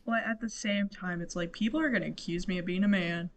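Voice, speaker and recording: A young woman co-hosting a podcast in casual chat, halting often and swearing freely. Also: on the low side. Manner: halting, swearing, heavy on fillers. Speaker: podcast co-host.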